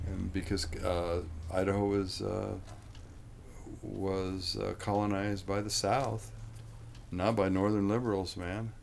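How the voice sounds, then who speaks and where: Low gravelly man, rambling folksy talk. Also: level tone, slow, a little mellow, a little hiss or hum. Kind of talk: casual conversation.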